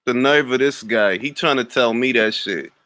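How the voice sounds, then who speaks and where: A livestream host from Harlem with a New York accent mocks a chat commenter in a brash, taunting rant packed with street-slang trash talk. His mid-range voice is bright and forceful at normal speed, recorded with no echo.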